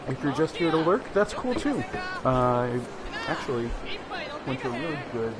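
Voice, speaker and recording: A man streams a game by himself, chatting with viewers in a rambling, hesitant style full of fillers and false starts. His medium-pitched voice is very animated and moves at a moderate pace. Game music and crowd noise play in the background.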